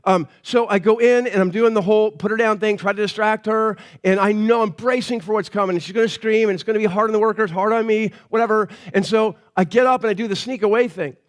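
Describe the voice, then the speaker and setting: A man with a high-pitched voice preaches in church, talking through a personal story as if chatting with friends. He often stops, restarts and repeats small words before getting a sentence out. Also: fairly even intonation, fast, few pauses. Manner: conversational storytelling with frequent restarts. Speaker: pastor. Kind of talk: sermon.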